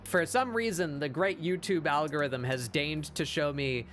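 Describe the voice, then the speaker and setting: A man's voice: fairly high pitch, moderate pace, fairly bright tone, slight background noise. A man hosting a casual art stream, talking in a laid-back, hesitant way while he draws.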